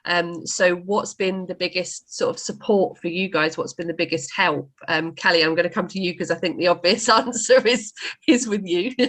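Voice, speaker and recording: A woman's voice: lowish voice, normal speed, fairly bright tone. A woman hosting a casual group chat, steering it to a new question in an encouraging way. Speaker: host.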